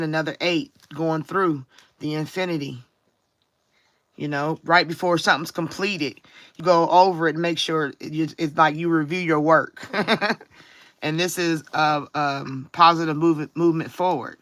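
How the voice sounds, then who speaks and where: A woman on a live stream giving a spiritual card reading, her voice bright and forward. She talks reflectively, stretching out the words she wants to stress and often checking in with her listeners. The sound is close and dry, with no room around it. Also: low-pitched, steady tone, no room sound. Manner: reflective, drawn-out emphasis, frequent "you know what I'm saying". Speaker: tarot card reader.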